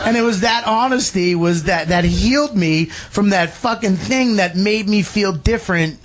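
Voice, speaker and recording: A man's voice: sits high, moderate pace, few pauses, background noise. A man, a comedian, telling a story on a radio talk show, swearing a lot, laughing, and acting out the people he quotes. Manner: profane, laughing, acts out quoted voices. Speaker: guest comedian.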